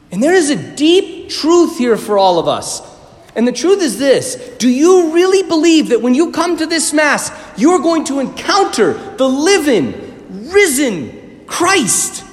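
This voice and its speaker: A man, a priest, giving a homily at Mass, telling the story animatedly, acting out startled reactions and often clearing his throat. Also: very high-pitched. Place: church. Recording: long church reverb.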